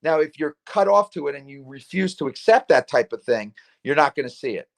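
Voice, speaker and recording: A middle-aged man hosting a casual chat, rambling through animated stories and acting out voices. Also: a little high, fairly quick, gravelly. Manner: rambling, animated storyteller who acts out voices. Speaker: talk show host.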